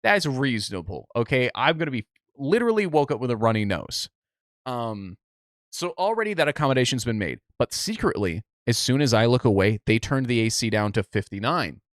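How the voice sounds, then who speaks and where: A man's voice: mid-range voice, very animated, a little fast. Man, casual podcast chat, rambling story with restarts, dry voice, no room echo. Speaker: podcast co-host.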